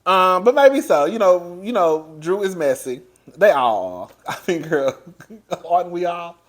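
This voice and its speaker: A man giving a casual recap of a reality show, loud and animated, laughing often and chatting straight to his listeners. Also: high voice, a little slow. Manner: chatty, addresses listeners as girl. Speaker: TV show reviewer.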